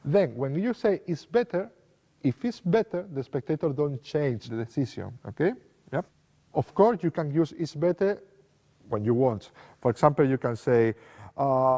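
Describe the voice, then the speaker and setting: Guy explaining card tricks in non-native english, mellow voice, reverby muffled recording. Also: fairly high pitch, normal speed. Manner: animated, acts out sample lines to a spectator; non-native English, simple repetitive phrasing. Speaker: magic teacher. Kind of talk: explaining card magic technique. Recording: long reverb, dull lo-fi sound.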